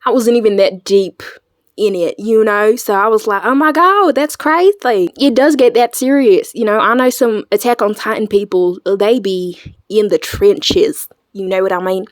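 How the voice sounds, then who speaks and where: A woman chatting casually in a reaction video, animated and slangy, swearing freely. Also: mid-range voice, moderate pace, no room sound, clean studio sound. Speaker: video creator.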